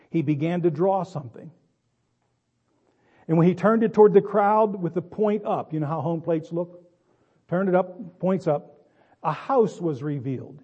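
High-voiced man telling a story. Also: slightly rough, lo-fi sound. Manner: dramatic pauses, wry asides. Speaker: speaker. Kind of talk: storytelling speech.

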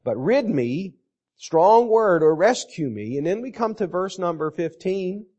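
A middle-aged man preaching a sermon on a Psalm, reading verses aloud and repeating key phrases slowly for emphasis. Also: high voice, big pitch swings, darkish tone, dull audio. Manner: slow and deliberate, repeating scripture phrases for emphasis.

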